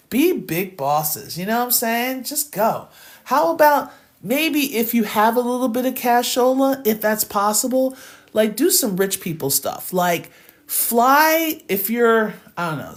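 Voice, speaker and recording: A woman who hosts a math channel, giving a casual motivational rant to her viewers, laughing often and answering live chat. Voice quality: lively, swinging pitch. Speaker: math teacher and channel host.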